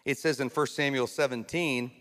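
A man preaching a sermon as a pastor, lively and conversational, often slipping into mock voices and asides. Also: mid-range voice, normal speed. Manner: animated, acts out mocking voices, conversational asides. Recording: long hall reverb.

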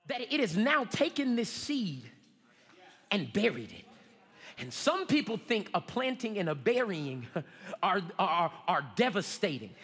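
A man preaching a fervent sermon, calling on the congregation to repeat after him and rising to shouts. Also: high voice, sing-song, a little slow, slightly rough, soft background music. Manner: fervent preaching with call-and-response, shouting at peaks. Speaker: pastor. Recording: long hall reverb.

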